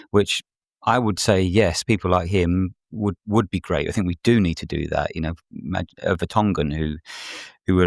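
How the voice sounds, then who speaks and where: Deep-voiced man musing on a podcast. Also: gravelly, dry recording, clean studio sound. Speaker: podcast panelist. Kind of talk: casual football podcast chat.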